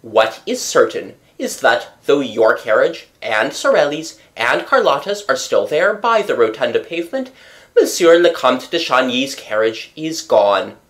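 A reader voicing a self-satisfied police commissary who questions and lectures in a measured way. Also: mid-range voice, sing-song, a bit bright. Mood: probing. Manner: measured, lecturing, pleased with himself.

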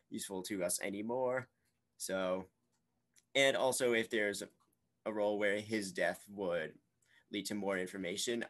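A man's voice: fairly low pitch, a bit bright. A man playing a social deduction game, laying out his arguments point by point in casual discussion.

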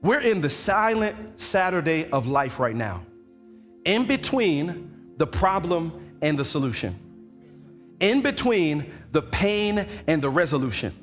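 Pastor guy preaching, kinda high voice, swings up and down a lot, does little voices for people. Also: takes it slowly, faint music behind. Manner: animated preaching, acts out quoted voices of churchgoers. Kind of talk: sermon. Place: church sanctuary.

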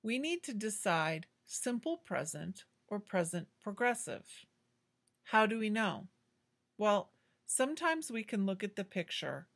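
Slow, patient woman teaching English grammar. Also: medium pitch, fairly bright tone. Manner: slow, clear, patient explaining. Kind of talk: grammar lesson.

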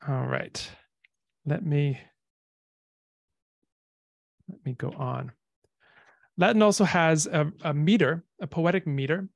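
A man giving an informal lecture, relaxed and explanatory, pausing on frequent ums. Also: a little high, creaky, dry recording.

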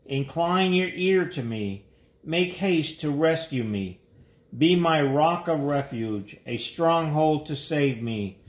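A man reading psalms and prayers aloud in a measured, solemn way. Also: on the high side, roomy sound. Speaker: scripture reader.

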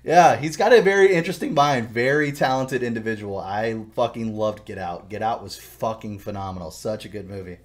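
A man hosting a podcast, telling stories in casual chat with lots of swearing and animated retelling. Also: fairly low pitch, fairly quick, hardly any pauses. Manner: profane, animated storytelling. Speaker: podcast host.

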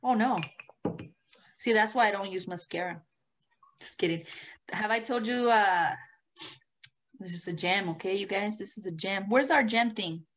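A woman's voice: mid-range voice, moderate pace, long pauses. A woman co-hosting a podcast, telling stories in a casual, profane, laugh-filled chat. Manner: animated, profane storytelling with frequent laughter. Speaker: podcast co-host.

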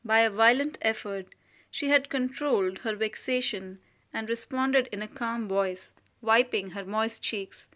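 A woman reading a short story aloud as an audiobook narrator, steady and measured. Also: a little high. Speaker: audiobook reader.

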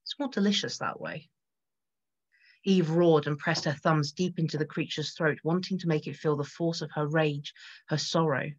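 A woman narrating a gothic horror story in a measured voice that builds tension. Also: low voice, fairly even intonation, darkish tone, lo-fi sound. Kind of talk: dramatic gothic story reading.

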